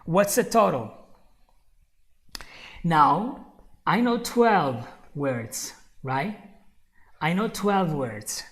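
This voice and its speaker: A woman's voice: on the low side, expressive, very slow, long pauses. A woman giving a live online English lesson, who repeats her key points, chuckles often and calls the viewer "my friend". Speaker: English teacher.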